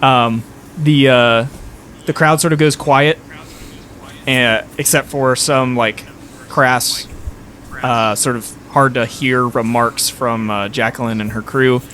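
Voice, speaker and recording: A man's voice: medium pitch, steady tone, slow, a bit bright, slight background noise. A man working as dungeon master, narrating a tabletop game in a loose, rambling way full of fillers.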